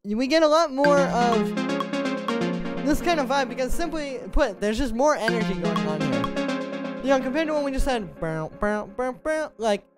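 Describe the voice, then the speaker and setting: A man, a music producer, explaining melody writing in a relaxed, conversational tutorial, stepping through his points one by one. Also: very high-pitched, moderate pace. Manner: conversational, explains step by step while playing examples. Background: synth music playing.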